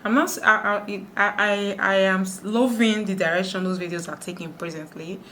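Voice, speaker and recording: Fast-talking woman vlogger from Nigeria. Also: mid-range voice, fairly even intonation, a bit bright, slight background noise. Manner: talks fast, many restarts. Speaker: YouTuber. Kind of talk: sit-down vlog talk to camera. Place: indoors, sit-down video.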